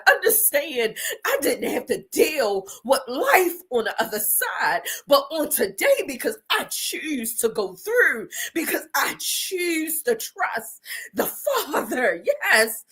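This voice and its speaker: A woman's voice: sits high, fairly bright tone. A middle-aged woman hosting an inspirational show, speaking in an emotional, preacher-like monologue with repeated phrases, near tears and defiant. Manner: preacher-like repetition, tearful and defiant. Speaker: host.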